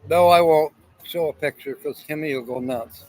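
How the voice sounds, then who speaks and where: A man's voice: on the high side, moderate pace, a little mellow, rough recording. A man hosting a casual livestream, rambling and greeting viewers by name, at times talking while eating. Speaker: livestream host. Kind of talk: casual live chat.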